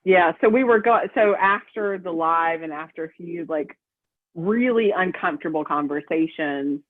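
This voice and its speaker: A woman guest in a casual interview, telling a personal story in a lively way and acting out what people said. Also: fairly low pitch, normal speed, dry recording. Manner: lively storyteller who acts out quoted voices. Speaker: guest, prison matchmaker. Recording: tinny phone-like line, dry.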